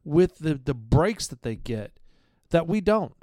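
A middle-aged American man rants with indignation, his voice a little high and heavy with curses. The sound is close and dry, with no room around it. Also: big pitch swings, mellow, no room sound. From United States. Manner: heated, indignant, swears often, halting restarts. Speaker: podcast co-host. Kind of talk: casual profane podcast rant.

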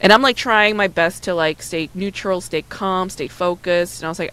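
A woman's voice: lowish voice, moderate pace, few pauses, fairly bright tone, clear, resonant tone, poor audio. Woman, 30s, casual storyteller, candid, filler-heavy, acts out quotes. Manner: frequent "like" and "right?" fillers. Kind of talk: casual chat.

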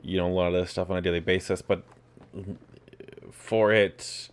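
A man who is the host's partner, speaking on a podcast in a halting way with many fillers and restarts. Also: low-pitched, level tone, clean tone. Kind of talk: casual conversation.

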